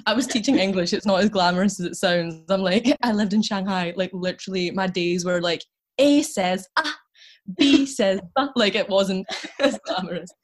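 A woman's voice: mid-range voice, steady tone, brisk. A Scottish woman in her twenties, a podcast guest telling stories in casual chat, talking loosely with lots of fillers and frequent laughter. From Scotland.

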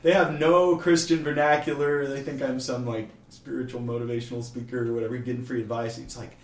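A man from Kansas City telling a faith story in a casual interview, lively and acting out the people he quotes. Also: mid-range voice, a little fast. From Kansas City, USA. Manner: animated storyteller, acts out quoted voices. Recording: roomy, distant mic, faint room noise.

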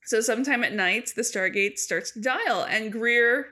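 A woman co-hosting a podcast, chatting casually through an episode recap, upbeat and quick to laugh as she acts out characters' lines. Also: a little high, sharp tone. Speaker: podcast co-host.

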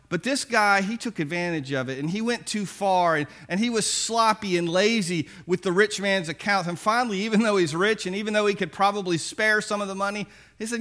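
A man's voice: sits high, a little fast, few pauses, a bit bright. A man preaching a sermon, retelling a parable in a casual, folksy storytelling way with chuckles along the way. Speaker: pastor.

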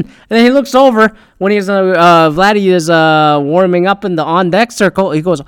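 Young guy, casual profane storyteller, clean resonant voice pitched a bit high. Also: moderate pace, few pauses, clear, resonant tone, dry recording, studio quality. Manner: rambling, heavy swearing, frequent fillers.

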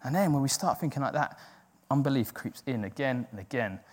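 A man's voice: medium pitch, lively intonation, brisk. A man preaching a sermon in an earnest, self-deprecating way, acting out the doubting voices in his head. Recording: long hall reverb.

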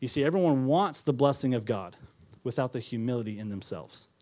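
A pastor delivers a sermon to his congregation at church with earnest conviction, returning to key phrases and questioning those listening. He speaks briskly in an expressive, medium-pitched voice with a dark tone.

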